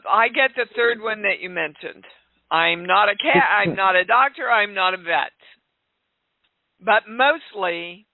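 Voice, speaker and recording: Woman radio host, slow and gravelly, blunt but chatty, on a thin, dry line. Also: mid-range voice, dry recording. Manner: chatty and direct, gently scolding callers. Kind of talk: call-in radio talk. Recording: dry, phone-like narrow sound.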